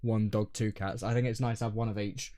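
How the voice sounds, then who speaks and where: A young man co-hosting a casual podcast, talking in a rambling, hesitant way that often trails off quietly. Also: fairly low pitch, flat delivery, fairly quick, crowd noise. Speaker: podcast co-host. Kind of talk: casual chat.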